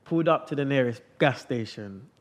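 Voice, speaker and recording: A man's voice: mid-range voice, animated, a little fast. A young man, hosting a podcast and telling a long story in a casual, slang-heavy way. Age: young adult. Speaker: podcast host.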